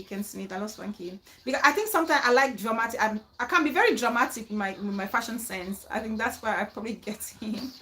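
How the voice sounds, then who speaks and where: A woman hosting a casual, animated reaction chat about a reality show, acting out other people's words. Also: on the high side, poor audio. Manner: animated, dramatic, quotes others in mock voices.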